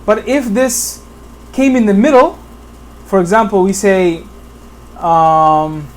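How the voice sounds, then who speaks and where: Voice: mid-range voice, takes it slowly. A teacher from Bangladesh giving a whiteboard lesson on Quran pronunciation, patiently repeating examples and often checking in with the listener. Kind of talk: whiteboard tutorial.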